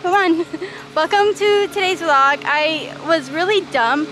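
A woman's voice: very high voice, slow pace, a bit bright, a little hiss or hum. A woman casually vlogging to a handheld camera outdoors, chatty and rambling, laughing often. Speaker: service dog handler vlogger. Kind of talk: casual vlog talking to camera. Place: outdoors at a park, later indoors at a mall. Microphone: handheld camera with wind muff.

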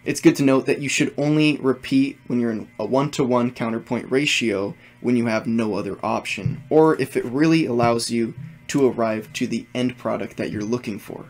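A man gives a music theory lesson in a mid-range voice, working through each point step by step. Faint music plays quietly under his explanation. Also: mid-range voice, normal speed.

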